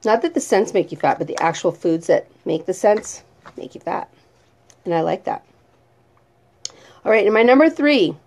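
A woman's voice: medium pitch, expressive, moderate pace, long pauses, a little mellow. A woman vlogger chatting casually about her favorite products and reading their descriptions aloud. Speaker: vlogger reviewing home fragrance products. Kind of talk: casual chat.

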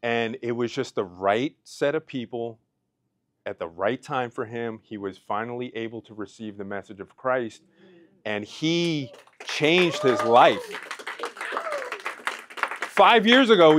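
A man's voice: mid-range voice, slow, long pauses, a bit bright. A man in his thirties giving an emotional personal testimony speech at an event, fighting back tears as he talks. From Pennsylvania. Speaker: speaker. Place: event hall.

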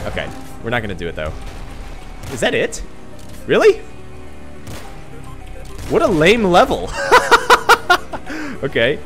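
A man commentating his own video game run, swinging from low mutters to excited yelps and laughter. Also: slow, long pauses. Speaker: gaming channel host. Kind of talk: let's play commentary. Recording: game music behind. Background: game music.

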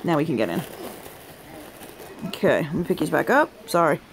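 A young woman hosting a casual live unboxing stream, chatty and excitable, often breaking off with delighted exclamations and asides to her family. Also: sits low, normal speed, noisy background. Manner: breaks off to talk to family off camera.

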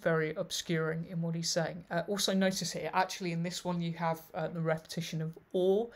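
A man's voice: fairly high pitch, little pitch movement, a little fast. Man explaining old texts. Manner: reads passages aloud and comments on them. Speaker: literary researcher presenting a thesis. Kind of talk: explanatory video lecture.

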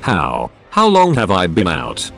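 Storybook patient, a frail young woman, read by a low synthetic male voice. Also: huge pitch swings, takes it slowly, creaky, a bit bright, soft background music, heavily acted. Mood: weak. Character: weak, bedridden young woman.

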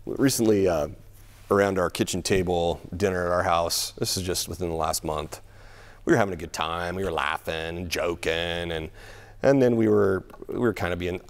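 A man's voice: deep voice, moderate pace. A middle-aged man preaching a sermon in a church, conversational, laughing often and repeating words as he thinks. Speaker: pastor.

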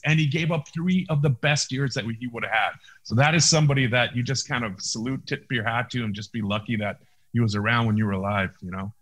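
A male actor guests on an interview over video call, speaking at a fairly quick clip in a medium-pitched voice. His story comes out casual and animated, with lots of restarts and performed quotes.

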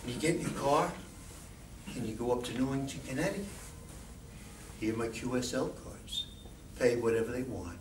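A man's voice: mid-range voice, normal speed, pauses often. A man giving an informal talk to a club meeting as a guest speaker, chatty and often asking the audience questions. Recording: echoey room, distant mic, faint noise.

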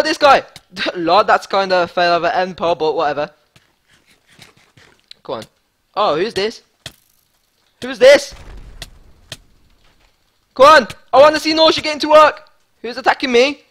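A gaming YouTuber delivers excitable live gameplay commentary, hyped up and repeating himself. His voice is very high-pitched and a little slow, with frequent pauses.

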